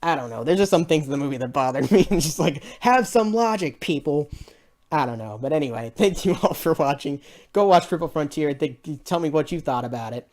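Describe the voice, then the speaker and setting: A woman with a low voice that still swings widely up and down as she reviews a movie. She rambles through her complaints and sounds exasperated, breaking into laughter often. It comes across as a casual, unscripted review. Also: animated, fast talker, a little mellow.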